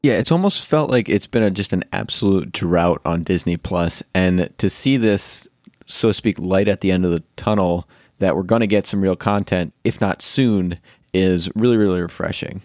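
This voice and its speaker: Man, podcast co-host, very low voice, relaxed casual talk, dry. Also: normal speed, no room sound.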